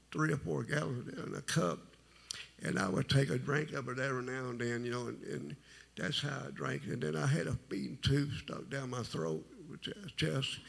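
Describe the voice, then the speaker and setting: A middle-aged man with a very deep, gravelly voice, telling his testimony at a church service in a halting, rambling way. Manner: rambling, halting, folksy storytelling. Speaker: testimony speaker.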